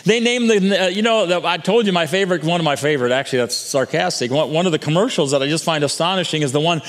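High-voiced preacher in a reverberant hall. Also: male voice, quick pace. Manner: earnest preaching with frequent restarts and repetitions. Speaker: pastor. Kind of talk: sermon.

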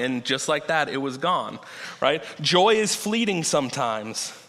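A man delivers a sermon in an easy, conversational way, drawing out the words he wants to land. His voice is bright and forceful. The long reverb of a large church sanctuary trails behind every phrase. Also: medium pitch. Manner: conversational, slows down to stress key points. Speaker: preacher.

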